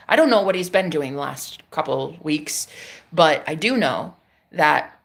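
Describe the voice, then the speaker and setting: A woman's voice: lowish voice, fairly bright tone. A woman content creator talking straight to camera in a casual vlog monologue, candid and emphatic, with plenty of swearing. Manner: candid, profane, emphatic self-talk.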